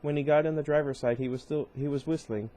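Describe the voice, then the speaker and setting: A man's voice: a little high, steady tone, quick pace, mellow. A man reading a novel aloud, stumbling now and then and breaking off for wry asides. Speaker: reader.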